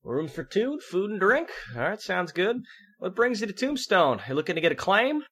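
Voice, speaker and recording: A frontier saloon barkeep with a generous mustache, as a man puts him on, folksy and a little embarrassed. His voice sits higher than usual with a bright, edgy ring. A tabletop game character voice. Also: very animated, moderate pace, husky, full character voice.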